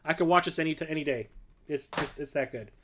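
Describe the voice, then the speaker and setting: A man's voice: on the high side, fast, a bit bright, a little hiss or hum. A man in his forties hosting a casual livestream, rambling and enthusiastic, full of fillers like "um" and "like". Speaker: host.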